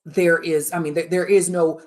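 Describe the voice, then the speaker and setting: A middle-aged woman with a low voice leads a live workshop, talking frankly to her listeners. She is emphatic and repeats herself for weight, and her sentences are full of fillers and restarts. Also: level tone, normal speed, a little mellow. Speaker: workshop speaker on the chief of staff role.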